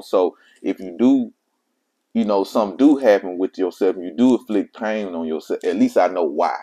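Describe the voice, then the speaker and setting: A man's voice: low voice, moderate pace, warm tone. A man who is a father, telling his own life story in casual, slangy speech and repeating himself for emphasis. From Mississippi. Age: adult father of children.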